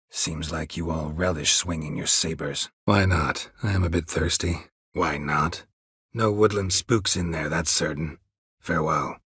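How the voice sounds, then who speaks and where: Laconic game monster hunter: low, raspy, clipped, dry studio sound. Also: male voice, fairly bright tone, no echo, exaggerated voice. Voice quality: husky, gravelly low voice. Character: gruff middle-aged male monster hunter, terse and dry. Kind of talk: game voice acting. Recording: dry close studio recording.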